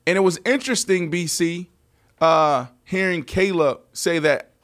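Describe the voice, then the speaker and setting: A man hosting a casual sports podcast, talking in an animated, emphatic way and often restarting his sentences. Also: high-pitched, unhurried. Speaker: podcast host.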